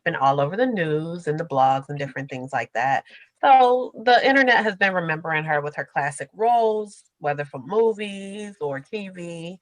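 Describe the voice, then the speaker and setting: Chatty woman podcast host, low voice. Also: animated, moderate pace, dry recording, low-quality recording. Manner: chatty, laughing, slangy storyteller. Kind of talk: casual group podcast chat.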